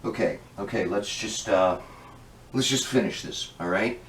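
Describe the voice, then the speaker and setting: A man's voice: on the low side, unhurried, a bit bright, a little hiss or hum. A man hosting a comedy web show as a mock interviewer, exasperated, scolding and crude in manner. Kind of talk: mock interview talking to an empty chair. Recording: echoey room, voice far from the mic.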